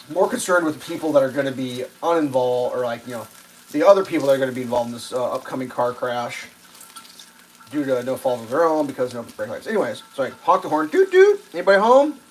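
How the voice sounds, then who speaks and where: A man hosting a livestream, telling a rambling, profane story while he cooks and loudly acts out the quotes. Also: on the high side, a little hiss or hum, poor audio. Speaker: livestream host. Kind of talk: casual storytelling while cooking.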